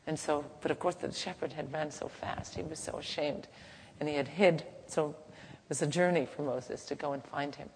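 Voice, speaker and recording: A woman teaching in a gentle, unhurried, halting way, softly chanting at times, in a reverberant hall. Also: low voice, steady tone. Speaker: spiritual teacher. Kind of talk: devotional teaching talk. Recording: reverberant hall, faint background noise.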